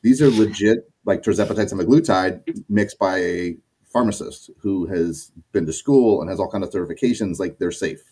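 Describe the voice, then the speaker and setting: A man's voice: low voice, moderate pace, breathy edge. A man co-hosting a casual livestream. He reads viewer questions and explains things loosely, with lots of fillers. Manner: relaxed, explains with many fillers. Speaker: co-host reading viewer questions.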